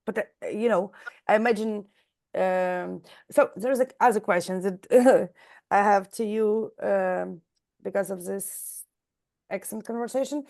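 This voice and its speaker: Gravelly-voiced woman, hesitant interviewer. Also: mid-range voice, a little slow, a little mellow. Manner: searching for words, many fillers and "like".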